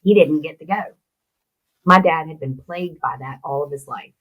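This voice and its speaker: A middle-aged American woman, an interview guest, telling a personal story in a lively way and acting out the voices of the people in it. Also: sits low, normal speed, husky, rough recording. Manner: animated storyteller who acts out quoted voices. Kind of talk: storytelling in conversation.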